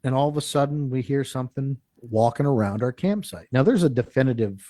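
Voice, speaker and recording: Brisk and medium-pitched, this interview guest recounts a lengthy story from the field in a recording with no echo. He's animated, voicing the quoted speech of others, and wanders along with frequent sentence restarts.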